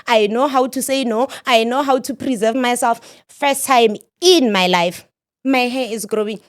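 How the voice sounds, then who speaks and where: A woman's voice: a little high, normal speed. A woman as an interview guest, sharing her life story candidly and emphatically, repeating phrases for stress.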